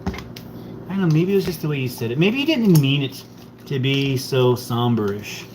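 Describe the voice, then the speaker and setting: A man's voice: mid-range voice, animated, normal speed, darkish tone, a little hiss or hum. A man hosting a live stream, chatting casually with viewers in a playful, teasing, rambling way.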